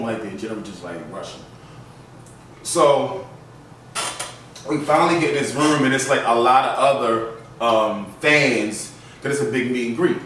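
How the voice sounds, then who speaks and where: A man hosting a casual storytelling vlog, chatting in an animated and loose way full of fillers. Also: medium pitch, a little hiss or hum. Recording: very echoey room, mic at a distance.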